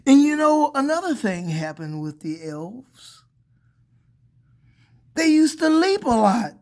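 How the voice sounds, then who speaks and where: A man telling a made-up tale to children in a playful, expressive way. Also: extremely high pitch, slow. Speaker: children's storyteller. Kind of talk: storytelling for children.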